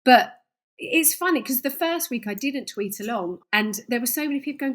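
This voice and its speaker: A woman's voice: sits high, expressive, moderate pace, a bit bright. A woman, a singer guest on a podcast, chatting casually and laughing often as she tells stories. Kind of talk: casual interview chat.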